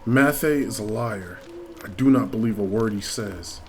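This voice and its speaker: A man's voice: on the low side, moderate pace, a little hiss or hum, close to an everyday voice. A man reading aloud the lines of a young princess in a game, in his own plain voice with little change. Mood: earnest. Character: young princess, earnest and composed.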